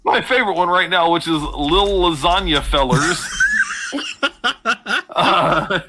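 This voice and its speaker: A man's voice: fairly high pitch, slow pace, very noisy. A man co-hosting a casual comedy podcast, joking and giggling through his stories. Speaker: podcast co-host.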